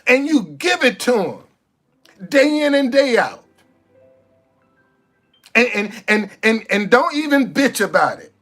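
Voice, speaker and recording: A man's voice: very high-pitched, very animated, slow pace, long pauses, fairly bright tone. A man giving an impassioned, sarcastic monologue, stumbling over repeated words as he preaches. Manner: sarcastic, repetitive stammering restarts, preachy. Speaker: street activist vlogger. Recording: faint music behind.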